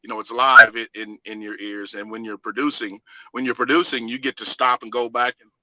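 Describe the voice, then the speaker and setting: A man with a Southern US accent, a singer and producer, telling stories in a casual interview with lively laughs and many restarts. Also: mid-range voice, a little fast, no room sound, lo-fi sound.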